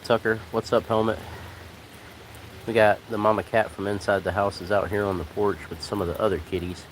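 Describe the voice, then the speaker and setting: A man chatting casually on a live stream from a porch, talking to his cats and his viewers in a relaxed, rambling way. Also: deep voice, low-quality recording. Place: outdoors on a porch in the rain. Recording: rain noise outdoors. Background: rain.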